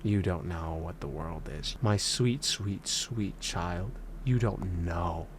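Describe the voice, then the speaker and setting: A man putting on a deep, patronizing know-it-all. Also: slight background noise. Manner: patronizing, drawn-out, sinking to a whisper. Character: condescending jaded man lecturing a youngster.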